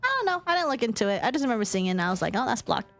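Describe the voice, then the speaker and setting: A woman's voice: a little high, rapid-fire, vocal fry, music in the background. A young woman from California with a Californian accent, chatting casually on a stream and laughing often. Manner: giggly, laughs often, animated.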